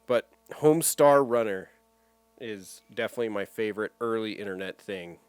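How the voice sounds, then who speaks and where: A man's voice: lowish voice, moderate pace, clear, resonant tone. Laughing casual podcast man. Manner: animated, laughs a lot, mimics cartoon voices. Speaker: podcast co-host. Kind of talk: casual chat.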